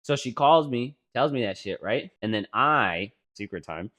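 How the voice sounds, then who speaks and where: A young man chatting on a podcast, his voice swinging widely up and down as he tells stories. He swears constantly and climbs into loud, laughing outbursts when a story gets absurd. Middle-pitched and animated. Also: normal speed. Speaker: podcast co-host. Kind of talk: casual storytelling chat.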